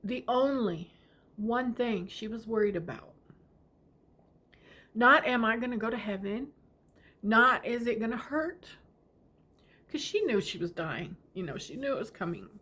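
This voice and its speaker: Soft-spoken woman telling a tender story. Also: a little high, expressive, unhurried, pauses often, breathy edge. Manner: tender, often drops to a whisper. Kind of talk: personal storytelling.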